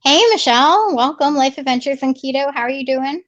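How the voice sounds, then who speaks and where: A woman's voice: sits high, little pitch movement, fairly quick. A woman co-hosting a casual live stream, friendly and agreeable, reading viewers' chat comments aloud. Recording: slightly dull lo-fi stream audio.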